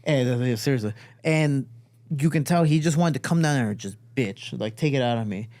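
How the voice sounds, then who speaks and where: A man's voice: mid-range voice, brisk. A man from Chicago telling a family story in casual conversation, acting out the people he quotes. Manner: animated, acts out quotes with a raised voice. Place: studio.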